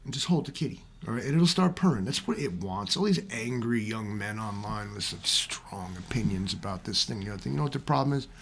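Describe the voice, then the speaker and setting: A man's voice: fairly low pitch, expressive, brisk, gravelly, few pauses, a little hiss or hum. A man ranting casually to his viewers in a vlog, rambling and swearing often as he talks straight to them. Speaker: vlogger. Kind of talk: casual rant to camera.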